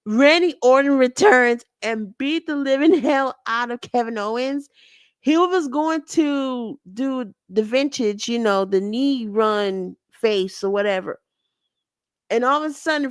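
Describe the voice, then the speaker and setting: Speaking at a measured pace in a slightly high voice, this show host recaps wrestling in an animated, wandering way. She often corrects herself, and the audio is studio quality with no echo.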